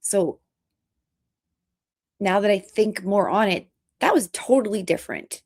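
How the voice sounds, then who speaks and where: A woman vlogger talking in an earnest, halting, emotional way in casual commentary. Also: medium pitch, a little mellow, husky.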